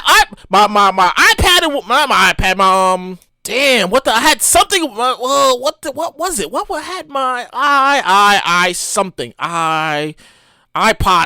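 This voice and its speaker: Woman, podcast host, casual comedic rant, profane, bright sharp voice, dry close sound. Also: a little high, no echo. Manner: animated, profane, rambling, with exclamations.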